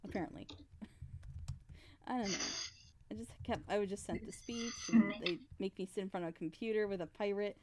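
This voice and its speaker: A woman's voice: mid-range voice, brisk, pauses often, crowd noise. A young woman voice actor chatting casually on a drawing stream. She laughs often and acts out what people said.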